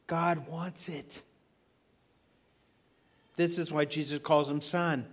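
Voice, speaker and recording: A middle-aged man preaching a sermon, stressing key words by slowing down and asking the listeners rhetorical questions. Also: a little high, steady tone.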